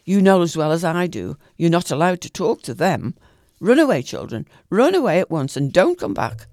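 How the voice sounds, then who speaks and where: A man's voice: fairly high pitch, big pitch swings, normal speed, no echo, studio quality. A man reading as a cold, furious aunt. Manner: sharp, scolding. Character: cold, furious, proud aunt scolding children.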